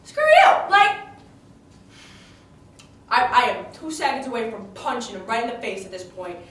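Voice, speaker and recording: Woman, high voice, chatty in-character retelling, indignant, lots of restarts, distant mic in a roomy space. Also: quick pace, a bit bright, slight background noise. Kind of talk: in-character monologue retelling a tragedy. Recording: echoey room, distant mic, faint ambience.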